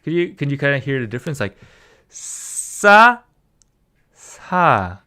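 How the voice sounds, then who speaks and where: A man's voice: mid-range voice, animated, very fast, fairly bright tone. A man tutoring Korean in a casual, patient way, often saying "like" and drilling single syllables over and over. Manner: patient, drills syllables by repeating them, many "like" fillers.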